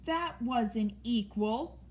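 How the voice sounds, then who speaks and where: A shy, slow storybook box turtle who sounds puzzled and plods through his words, voiced by a woman. His speech is unhurried. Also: fairly high pitch, expressive, a little hiss or hum, voice pushed up. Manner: plodding and puzzled.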